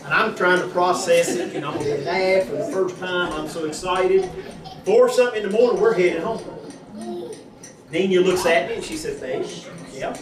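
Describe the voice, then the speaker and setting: A man's voice: high voice, normal speed. A man telling a church congregation a personal testimony, acting out the conversations he quotes. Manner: animated storytelling, acting out quoted dialogue. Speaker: husband giving a church testimony. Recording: echoey room from far off with a crowd.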